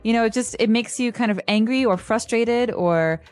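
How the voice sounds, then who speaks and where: Expressive woman explaining English phrases. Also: fairly high pitch, normal speed, clear, resonant tone, no room sound, faint music behind. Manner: explains phrases with everyday examples; acts out sample lines with expressive inflection. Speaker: co-host and English teacher. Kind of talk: conversational English lesson podcast.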